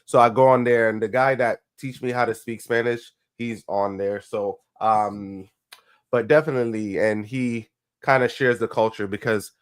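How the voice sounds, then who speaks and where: A man's voice: medium pitch, clean tone. A man co-hosting a podcast who rambles through casual talk, hesitating and restarting his sentences. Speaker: podcast co-host. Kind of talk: casual chat.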